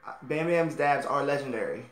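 A man hosting a reaction video, gushing and laughing often while keeping his voice low. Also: brisk, reverberant. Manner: giggly, gushing, frequent laughter; kept low to stay quiet. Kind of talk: casual reaction commentary.

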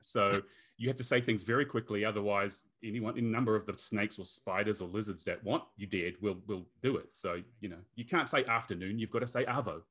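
A man's voice: fairly low pitch, fairly quick, fairly bright tone. A man with a New Zealand accent, a guest in a casual whisky tasting chat, joking in a dry, self-mocking way.

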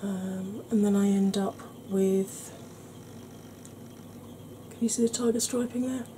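A woman explaining her makeup steps in a soft, chatty ASMR tutorial, often clearing her throat. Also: mid-range voice, steady tone, slow, a little hiss or hum, rough recording. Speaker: beauty vlogger.

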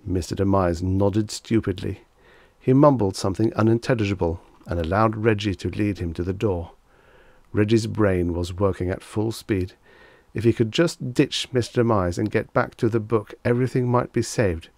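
Low-voiced man reading a vintage tale. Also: no echo. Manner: steady, measured storytelling. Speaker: audiobook narrator. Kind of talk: scripted audiobook narration.

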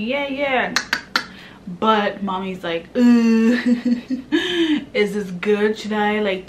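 A pregnant woman from Kenya vlogging in a chatty, animated way, now and then dropping to a hushed murmur. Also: medium pitch, a little hiss or hum. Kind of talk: casual chat to camera.

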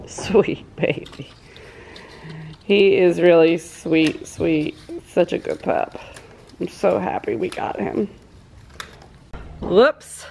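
A woman's voice: on the low side, slow pace, gravelly, long pauses, warm tone, a little hiss or hum. A woman with a cold and a stuffy voice, chatting casually to the camera and to her animals while doing farm chores outdoors. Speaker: homesteader vlogger. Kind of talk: casual vlog chat.

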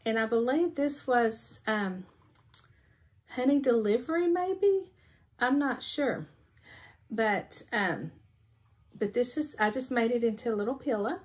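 A woman's voice: on the high side, animated, measured pace, long pauses. Chatty woman showing her stitching. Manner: chatty, rambling, many ums and restarts. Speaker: cross-stitch vlogger. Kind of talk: casual show-and-tell chat. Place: home.

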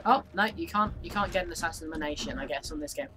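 A young man chatting casually and crudely while playing a game, often shouting insults at enemies. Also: a little high, fast talker. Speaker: gamer co-host. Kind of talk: casual gaming chat. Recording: faint background noise.

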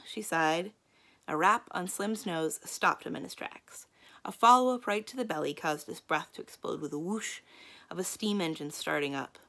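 A woman librarian reading a children's mystery book aloud in a calm, inviting storytelling manner. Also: fairly low pitch, normal speed, creaky.

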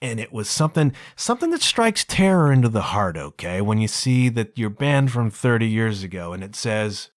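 Male podcast host, solo chat, lively pitch swings, dry close sound. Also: normal speed, hardly any pauses, no room sound. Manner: chatty, animated, full of asides like "man" and "you know". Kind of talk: casual solo podcast monologue.

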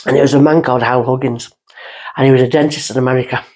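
Husky woman telling stories. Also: fast talker. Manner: rambling, goes off on tangents; lively, jumps up in pitch when excited. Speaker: guest medium. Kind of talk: casual storytelling.

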